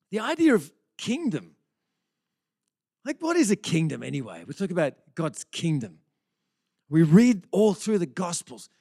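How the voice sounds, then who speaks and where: A middle-aged male pastor preaches in a chatty, conversational style, often restarting sentences and asking rhetorical questions. His voice is slightly high and a little mellow. The sound is dry and close, with no room sound.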